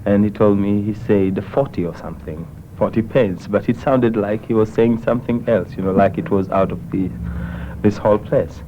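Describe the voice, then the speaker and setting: A man's voice: lowish voice, moderate pace, slight background noise. A man with a Kenyan accent, an interviewee telling stories hesitantly with many fillers and restarts, on a muffled 1970s radio recording. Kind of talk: casual storytelling.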